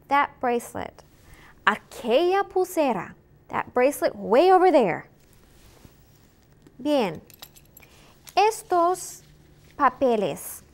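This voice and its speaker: A woman teaching a Spanish lesson, saying each word slowly and clearly and repeating it in drills. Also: high voice. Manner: slow, clear drilling with repetition. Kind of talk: recorded language lesson.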